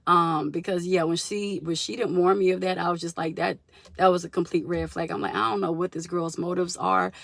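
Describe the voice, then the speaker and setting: A young woman telling a story to her viewers in a casual, animated vlog, addressing them as y'all. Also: lowish voice, brisk, gravelly, dry recording. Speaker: vlogger.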